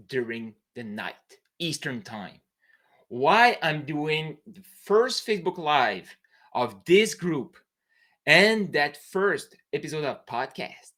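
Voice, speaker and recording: A man with a French Canadian accent, a native French speaker, giving a fervent, halting monologue as an entrepreneur coach on a late-night live stream. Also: a little high, pushed and bright. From New Brunswick, Canada. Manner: emphatic, fervent, halting non-native English with broken phrasing.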